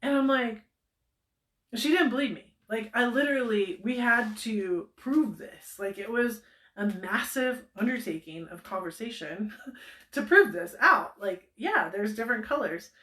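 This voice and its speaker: A woman chats as host of a casual stream, bubbly and quick to laugh as she rambles through stories. Her voice sits fairly high, and the room around her rings with echo. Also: lively intonation, fairly bright tone. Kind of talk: casual livestream chat. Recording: echoey room.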